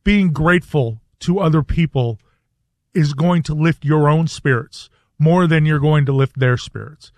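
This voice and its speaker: A man co-hosting a radio talk show, delivering a reflective, earnest commentary in a measured way. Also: fairly high pitch, dry recording.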